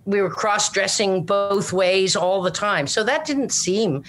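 A woman's voice: mid-range voice, a little slow, a bit bright, faint music behind. An older woman with a Newfoundland accent, a comedic actor chatting as an interview guest, rambling and self-deprecating. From Newfoundland, Canada. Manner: rambling, self-deprecating, full of "you know what I mean". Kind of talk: casual interview chat.

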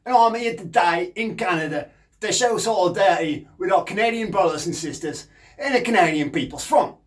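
A man's voice: sits high, lively intonation, fairly quick. A man playing a brash, boozy, scatterbrained male punk rocker, rambling cheekily in a comic monologue. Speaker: punk singer and guitarist. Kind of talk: comedic monologue in character.

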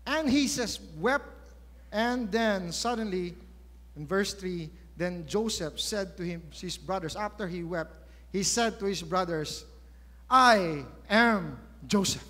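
High-voiced Filipino preacher in an echoey hall. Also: male voice, unhurried. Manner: storytelling, emphatic, rhetorical questions. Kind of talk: sermon.

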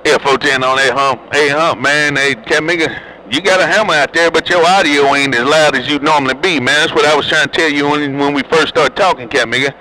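Ribbing other drivers over the CB in slangy, joking talk, this man has a fairly high, sharp-toned voice and speaks fairly quickly. The low-quality recording carries a little hiss or hum.

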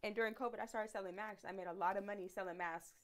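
A woman guest on a casual live-streamed chat, quiet-spoken but blunt and slangy, from Southern California. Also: medium pitch, fairly even intonation, rapid-fire.

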